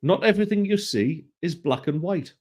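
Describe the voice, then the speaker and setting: Man host, slightly higher voice, teasing, casual. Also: lively intonation, moderate pace, darkish tone. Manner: joking, teasing. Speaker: podcast host running a quiz. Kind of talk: casual podcast chat.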